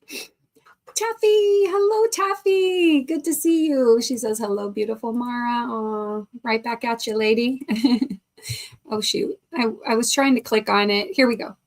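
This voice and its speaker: A woman's voice: a little high, normal speed. A middle-aged woman hosting a live stream, chatting casually, reading viewer comments aloud and laughing often. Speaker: livestream host.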